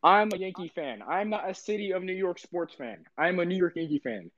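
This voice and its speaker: A man's voice: high voice, lively intonation, brisk, dry recording, lo-fi sound. A man on a casual sports podcast, just woken up, ranting emphatically and repeating "listen". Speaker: podcast co-host.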